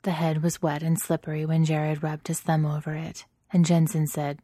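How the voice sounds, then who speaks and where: Low, soft-spoken woman reading aloud. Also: completely flat delivery, normal speed, no room sound, clean studio sound. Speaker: narrator. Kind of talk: reading erotic fiction aloud.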